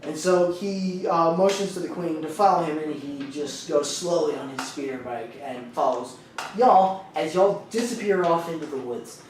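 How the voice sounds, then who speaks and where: Man, rambling game master narration, high-pitched, distant, roomy, faint hiss. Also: moderate pace, a little mellow. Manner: laid-back, rambling description. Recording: echoey room, mic far off.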